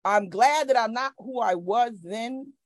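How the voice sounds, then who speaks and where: A middle-aged woman with a voice on the high side talks at a measured pace with no echo as a podcast guest over a video call. In casual conversation she speaks earnestly about her faith, often restarting her sentences.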